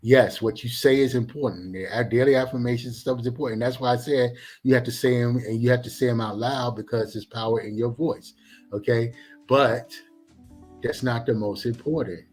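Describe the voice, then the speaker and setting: A middle-aged man and former police officer, a guest on a talk show, explaining in an animated, preachy way with many examples. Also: mid-range voice, fairly quick, faint music behind. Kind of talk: casual talk show discussion.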